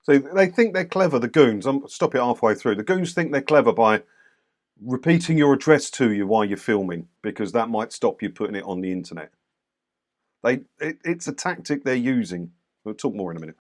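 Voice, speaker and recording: A man's voice: mid-range voice, expressive, a little fast. A man giving casual, wry commentary on video clips, dismissive of unnecessary arguing. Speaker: commentator reviewing doorstep clips.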